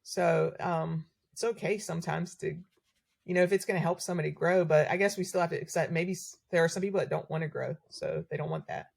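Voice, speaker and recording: A woman's voice: lowish voice, brisk, gravelly. A woman, a battalion chief guest on a podcast, chatting casually with lots of "like" fillers. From North Carolina. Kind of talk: casual conversation.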